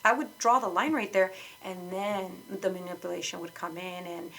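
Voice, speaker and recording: A woman's voice: on the low side, moderate pace, gravelly, fairly bright tone, a little hiss or hum, poor audio. A woman guest on a podcast, candidly telling her own story in conversation, outspoken and frank, with lots of fillers and restarts.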